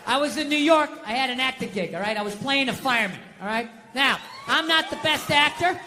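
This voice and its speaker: A man's voice: very high voice, expressive, brisk, bright, forceful tone, big-room sound, slight background noise. A middle-aged American man doing stand-up comedy, ranting profanely in an exasperated way and acting out quotes.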